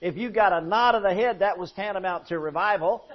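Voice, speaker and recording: A male pastor telling a folksy story in a sermon, swinging from hushed to loud. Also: high voice, a little fast. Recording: muffled lo-fi sermon recording.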